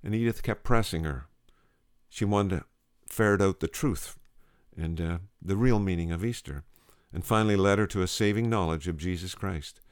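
A man's voice: sits low, normal speed, clear, resonant tone, no room sound, studio quality. A man preaching a storytelling sermon, earnest, quoting scripture.

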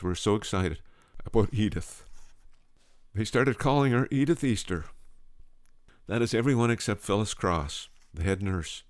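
A man's voice: lowish voice, clean tone, dry recording, clean studio sound. A man preaching a storytelling sermon, earnest, quoting scripture.

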